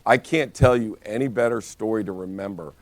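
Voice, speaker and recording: Low-voiced man coaching agents. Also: a little fast, dry recording. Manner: energetic storytelling with many restarts. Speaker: real estate brokerage trainer. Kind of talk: live training talk.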